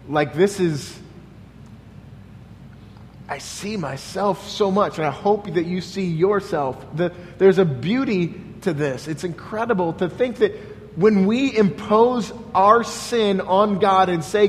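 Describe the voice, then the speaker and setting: A pastor preaching a sermon in an earnest, questioning way, often restarting with "like". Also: male voice, high-pitched, slow pace, long reverb tail.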